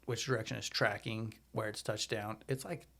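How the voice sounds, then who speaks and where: A man, a podcast guest, telling a story in a chatty, animated way. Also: fairly low pitch, normal speed, gravelly. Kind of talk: casual storytelling.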